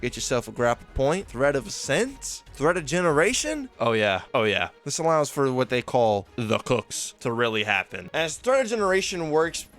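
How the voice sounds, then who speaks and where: A man's voice: on the high side, big pitch swings, normal speed, few pauses, fairly bright tone. A young man hosting a gaming video, talking in a hyped, jokey way full of gamer slang. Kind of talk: casual gaming commentary. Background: faint background music.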